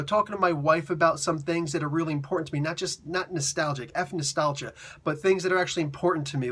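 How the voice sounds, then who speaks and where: A man in his forties reviewing a comic book in an excited, casual way, talking hyper and slangy. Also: fairly high pitch.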